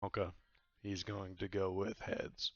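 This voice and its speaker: A man's voice: deep voice, level tone, measured pace, no echo, muffled recording. A man running a tabletop game as game master, narrating loosely and laughing often.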